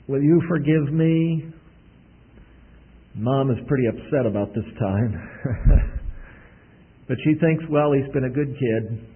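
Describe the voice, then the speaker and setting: A man preaching a sermon in a homey storytelling manner, often clearing his throat, with a husky voice. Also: medium pitch. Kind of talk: sermon with a told illustration. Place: church service. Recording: tinny phone-like recording.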